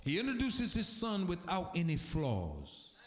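A man preaching a sermon, animated, his voice climbing high as he gets excited. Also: a little slow. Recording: echoey room.

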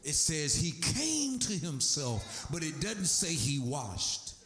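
Emphatic preaching man, lively pitch. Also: slow pace. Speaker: pastor. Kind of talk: sermon. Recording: echoey room.

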